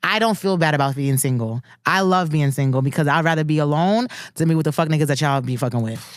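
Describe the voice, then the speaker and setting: A woman's voice: low-pitched, fast, dry recording, studio quality. A woman, chatting candidly and bluntly on a podcast. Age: 30s. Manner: blunt, profane, candid storytelling. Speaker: podcast co-host. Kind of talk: casual chat.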